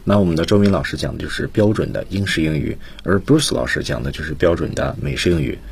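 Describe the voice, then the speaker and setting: Deep husky male radio teacher. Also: quick pace. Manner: patient, stresses key phrases. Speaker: radio English teacher, co-host. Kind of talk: explaining vocabulary to students.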